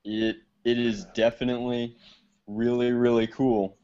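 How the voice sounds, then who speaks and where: A man speaking as a guest on a podcast, recalling his early days in relaxed chat. His audio sounds dull and lo-fi, as if over a remote line. He tells his stories loosely, with many pauses. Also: clear, resonant tone. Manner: storytelling, acts out quotes in high voices. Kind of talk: casual interview chat.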